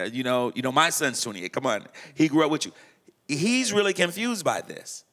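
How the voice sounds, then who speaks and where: Middle-aged pastor type, emphatic and preachy, slightly high voice, repeats himself for weight. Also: male voice, a bit bright. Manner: emphatic, quotes scripture, repeats phrases. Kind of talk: preaching-style conversation.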